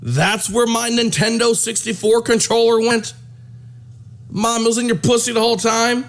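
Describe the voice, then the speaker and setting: A man's voice: very high-pitched, steady tone, moderate pace, pitched above the performer's own voice. A man voicing a crude, astonished grown man who swears in disbelief. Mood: incredulous. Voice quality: profane, incredulous outbursts.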